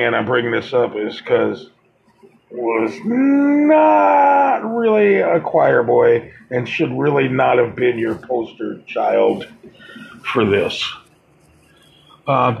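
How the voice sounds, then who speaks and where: A man delivering a heated, profane monologue, halting and restarting as he works himself up. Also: mid-range voice, gravelly, a little hiss or hum. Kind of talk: monologue commentary. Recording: dull lo-fi recording.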